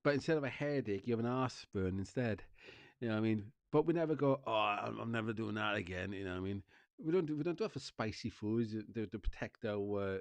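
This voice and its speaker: Man, casual rambling vlog chat, middle-pitched voice, dry room, keeps saying "you know what I mean". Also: animated, fast, a little mellow, dry recording. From Wales. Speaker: streamer and vlogger.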